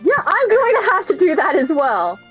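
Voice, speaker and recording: A woman playing a tabletop game and talking casually in an expressive, jokey way. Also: very high-pitched, moderate pace, faint music behind. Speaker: player. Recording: dull lo-fi audio.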